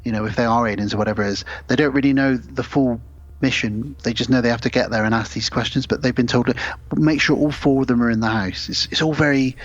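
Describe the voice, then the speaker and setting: A man's voice: mid-range voice, quick pace, lo-fi sound. A man co-hosting a podcast, casually retelling a film's plot at length and acting out the characters' lines as he goes. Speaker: podcast co-host. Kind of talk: casual film review chat.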